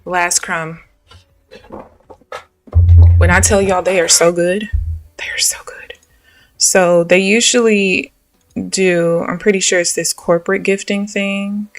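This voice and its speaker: A woman's voice: on the low side, fairly even intonation, slow, pauses often, dry recording, distant mic, soft background music. A young woman tells a rambling, exasperated story, dropping slang and swear words. Her voice is dry and sits a bit back from the microphone. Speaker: live trading streamer. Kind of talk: casual storytelling while trading live.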